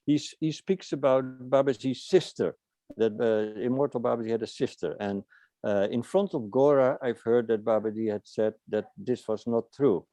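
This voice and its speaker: Dark-voiced man speaking hesitantly, dry sound. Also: medium pitch, moderate pace, dry recording. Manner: hesitant, with many uh's and restarts. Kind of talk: casual chat. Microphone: video call.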